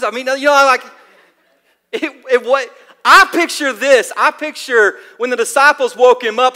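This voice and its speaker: A man preaching a sermon in a church hall, telling the story in a lively, casual way with plenty of fillers. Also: very high-pitched, moderate pace. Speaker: pastor.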